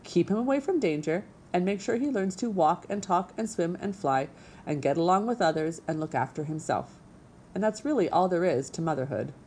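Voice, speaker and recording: A woman voicing a bossy old female goose who scolds briskly and sharply in a storybook reading. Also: lowish voice, animated, darkish tone, a little hiss or hum, natural voice. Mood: scolding.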